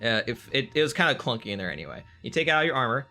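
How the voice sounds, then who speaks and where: Lively, bright-voiced man running the game. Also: medium pitch, rapid-fire, faint music behind. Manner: animated, laughs often, repeats himself. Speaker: game master. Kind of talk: narrating a tabletop game.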